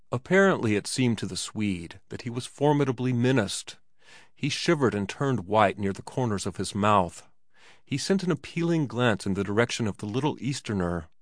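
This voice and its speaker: A man narrating a classic story in a measured, even reading voice. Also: lowish voice, no room sound, clean studio sound. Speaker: audiobook narrator.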